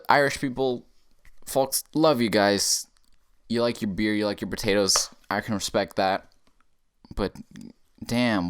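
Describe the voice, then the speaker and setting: Male comedian, lowish voice, casual profane rant, rambling delivery. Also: clean tone. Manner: rambling, profane, swings from mumbling asides to loud bursts. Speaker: podcast comedian.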